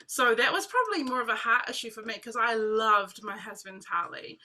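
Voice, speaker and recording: A woman telling her personal testimony to a group, in animated casual storytelling full of "like" and "literally". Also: on the high side, brisk. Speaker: team member sharing testimony.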